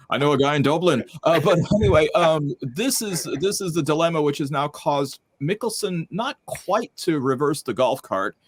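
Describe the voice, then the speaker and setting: A man's voice: fairly high pitch, expressive, moderate pace, slightly rough. Wry male panel host. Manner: wry, joking. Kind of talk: panel discussion.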